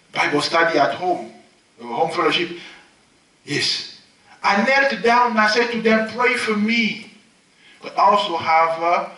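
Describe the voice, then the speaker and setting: Male preacher with a higher, bright voice who swings from loud, high exclamations to hushed lows, recorded from a distance in a reverberant hall. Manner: dramatic swings from loud high exclamations to soft low murmurs. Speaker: pastor. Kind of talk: sermon. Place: large hall at a healing crusade. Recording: echoey hall, mic at a distance.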